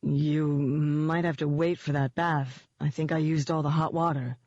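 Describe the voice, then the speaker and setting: A reader doing a nervous, stammering young man in an audiobook, hesitant and low-key. The audio is dull and dry. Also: a little slow, no echo, natural voice. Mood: sheepish. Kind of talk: audiobook character voice.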